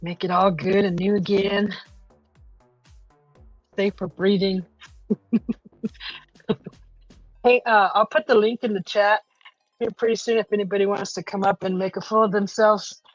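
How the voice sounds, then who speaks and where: In an unhurried, medium-pitched voice with fairly even intonation, a woman chats with viewers on a casual home livestream, pausing often, reading comments, and rambling with many "uh" fillers. The audio has no echo but sounds dull and lo-fi, with faint music underneath.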